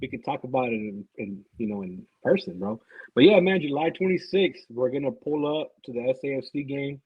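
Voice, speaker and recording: A man's voice: mid-range voice, animated, a little fast, husky, dry recording, highs cut off. A man, a guest on a podcast, talking in a rambling, profane way that repeats words. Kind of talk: casual podcast chat.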